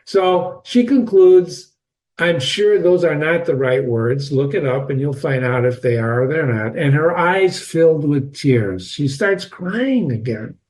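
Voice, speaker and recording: This literature teacher, a man, gives a reading lesson on a novel, addressing his listeners directly in a chatty, emphatic manner. His voice sits a little high and sounds slightly mellow.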